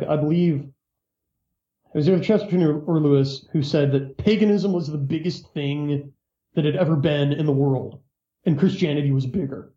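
A man guesting in an interview as an author, explaining his ideas in a measured, lecturing way. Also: fairly high pitch, mellow, reverberant, muffled recording.

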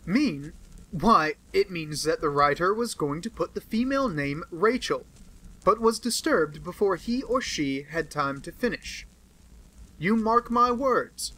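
A self-satisfied police detective crows over his find, pompous and triumphant, as a man puts him on for an audiobook. The voice sits high and rings bright and tense. He lectures his listeners as though sure of his own cleverness. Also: expressive, unhurried, heavily acted, poor audio. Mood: boastful. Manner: boastful and triumphant. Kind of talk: audiobook character voice.

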